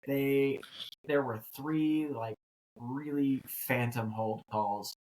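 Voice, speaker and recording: A man in his thirties talks college football in a loose, rambling way. His pitch sits in the middle of a man's range. He restarts his sentences often and picks up energy as he goes. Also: takes it slowly, low-quality recording. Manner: rambling, animated, frequent restarts. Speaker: co-host. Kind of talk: casual sports chat.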